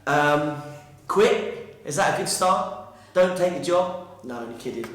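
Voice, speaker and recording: A man's voice: fairly high pitch, animated, normal speed, fairly bright tone, distant mic. A male history teacher chatting casually and playfully, joking around between takes. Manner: playful, jokey. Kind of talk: casual chat. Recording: roomy room, faint music.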